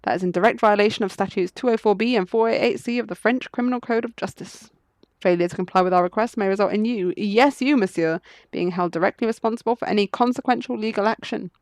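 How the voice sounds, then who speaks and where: A woman voicing a sharp male falcon defense attorney who talks in a brisk, commanding way. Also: medium pitch, dry recording, clean studio sound, close to an everyday voice. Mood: stern.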